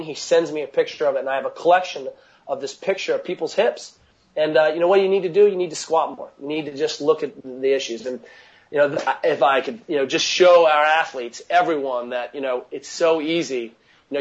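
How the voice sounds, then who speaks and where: A mobility coach with a fairly high-pitched voice talks casually and energetically in an interview about coaching athletes, peppering his speech with "you know" and restarting sentences. The sound is lo-fi.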